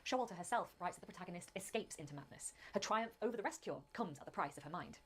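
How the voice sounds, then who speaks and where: A woman's voice: on the low side, expressive, fast talker, a bit bright, a little hiss or hum. A woman hosting a video of literary analysis, posing thoughtful questions to viewers.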